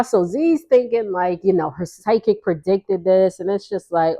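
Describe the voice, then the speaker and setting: A woman's voice: medium pitch, takes it slowly, a little mellow. Chatty, sassy woman recapping a reality show. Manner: chatty and sassy, laughs often, acts out quotes. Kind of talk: casual recap vlog.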